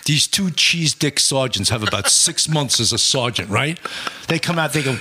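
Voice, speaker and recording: A man's voice: mid-range voice, normal speed, few pauses. A middle-aged man, a former police sergeant telling profane stories in a casual chat. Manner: profane, animated, laughs through stories.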